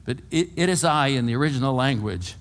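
A man around eighty from California, preaching a sermon to his congregation with folksy, humorous storytelling that swings between hushed and loud. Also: medium pitch, expressive, quick pace. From California, USA. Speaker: pastor. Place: church before a congregation.

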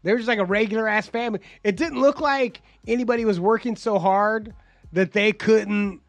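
Guest comic: man with a high, gravelly voice, swearing and animated, dry close mic. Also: moderate pace, dry recording, soft background music. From South Bay, California. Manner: profane, animated storyteller. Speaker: guest comedian. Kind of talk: casual podcast chat.

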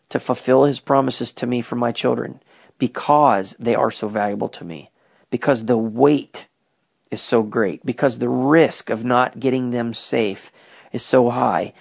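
A man's voice: medium pitch, creaky. A man recording a personal spoken journal, talking in an earnest, emotional and soul-searching way. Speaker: father keeping a spoken prayer journal.

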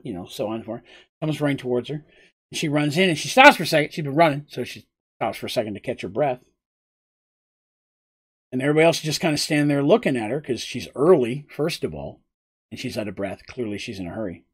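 A man casually retelling a tabletop game story on a live stream, chatty and animated, with asides to his chat. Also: mid-range voice, brisk, husky.

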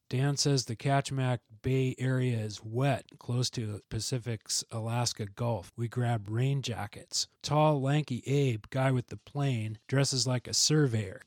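A man reads a book passage aloud at a slow, unhurried pace, weighing each phrase. The sound is close and dry, with no room around it. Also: medium pitch, no echo. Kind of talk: reading a book chapter aloud.

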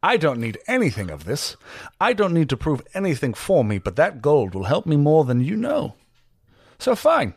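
Proud armored warrior, stiff and formal, pitch swinging widely, as a man plays him; dry sound. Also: huge pitch swings, normal speed, husky, dry recording, exaggerated voice.

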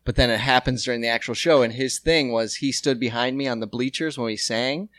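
A man's voice: mid-range voice, fairly quick, fairly bright tone, no room sound. A man joking around in casual comedy banter, laughing often and slipping into silly voices.

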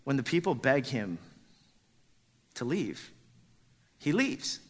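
A man's voice: medium pitch, very animated, takes it slowly. A man preaching a sermon with dramatic emphasis, dropping to pleading whispers when he voices a character. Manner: rises to loud emphatic peaks.

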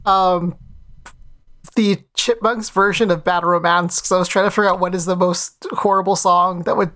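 A woman's voice: lowish voice, steady tone, moderate pace, fairly bright tone. A woman co-hosting a casual podcast, hesitant and full of fillers. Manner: hesitant, with many fillers and restarts. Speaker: podcast co-host. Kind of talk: casual chat.

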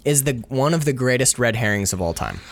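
A man's voice: medium pitch, a little fast. A man co-hosting a casual horror movie podcast, talking animatedly and acting out lines from the film. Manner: animated, acts out quotes from the film. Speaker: podcast co-host.

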